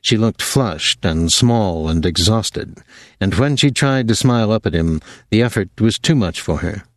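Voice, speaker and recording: A man narrating a novel aloud in a lively, expressive reading style. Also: fairly low pitch, measured pace, no echo, studio quality. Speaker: audiobook narrator. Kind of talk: scripted narration.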